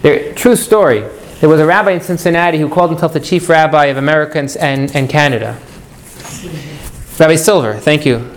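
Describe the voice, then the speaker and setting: A man teaching a live class, animated and jokey, putting questions to his students. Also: a little high, fairly quick, slight background noise.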